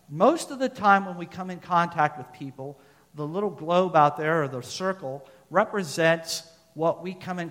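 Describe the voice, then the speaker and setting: A man with a voice on the higher side delivers a sermon, turning often to his listeners with questions and reading scripture aloud. His words ring out with a long reverb, as in a large hall. He moves between louder, emphatic stretches and quieter ones. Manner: asks the listeners questions, reads scripture aloud, loudness rises and falls. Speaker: preacher.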